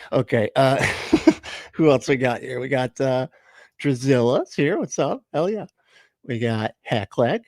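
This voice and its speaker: A man's voice: mid-range voice, a little mellow, no echo, clean studio sound. A man hosting a live stream in casual chat, greeting viewers with rambling, chuckling, self-correcting asides.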